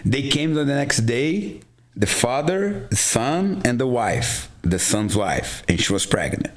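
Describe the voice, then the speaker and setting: A man's voice: medium pitch, slow. A man from Rio de Janeiro with a Brazilian Portuguese accent, a guest on a casual podcast, telling a story with lots of "blah, blah" and acted-out dialogue. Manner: animated storyteller, acts out dialogue, fills with "blah, blah". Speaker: guest, jiujitsu instructor. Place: garage podcast studio.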